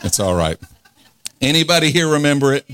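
A man's voice: a little high, very animated, brisk, fairly bright tone, no echo. A man in his forties preaching a fervent revival sermon, leading the crowd in call-and-response and laughing often. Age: 40s.

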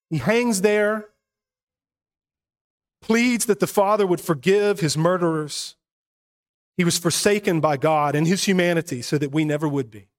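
A pastor preaching a sermon, earnest, moving between hushed and emphatic passages. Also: male voice, high voice.

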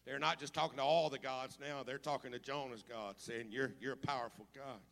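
A man preaching a sermon as pastor, moving from casual storytelling to loud, fervent preaching. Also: medium pitch, fairly even intonation, a little fast, creaky, big-room sound.

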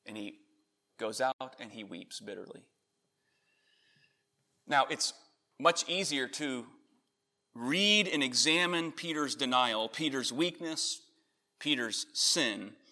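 A man preaching a sermon, earnest, rising in emphasis on key points and then softening. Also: medium pitch. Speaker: pastor. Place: church in Connecticut.

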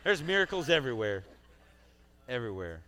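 A man preaching a sermon as pastor, swinging between loud urging and quiet asides in a church sanctuary on a stage mic. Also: medium pitch, sing-song, a little fast, a little hiss or hum.

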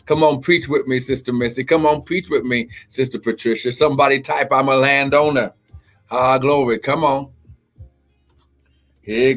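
A man with a medium-pitched voice preaches a sermon that is being live-streamed, repeating himself fervently, calling out glory and speaking in tongues. He greets the online viewers by name.

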